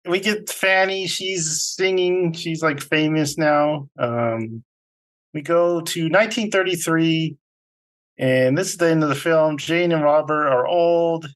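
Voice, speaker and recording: A man's voice: on the high side, takes it slowly. Man casually recapping a film. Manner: rambling recap with fillers and laughs. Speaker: podcast co-host. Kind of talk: casual movie review chat.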